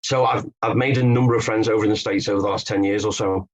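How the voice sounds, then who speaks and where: This Englishman is a Beatles expert and author answering podcast interview questions through stories and explanations, with occasional fillers and false starts. He speaks quickly in a fairly low, fairly even voice, and the recording is rough.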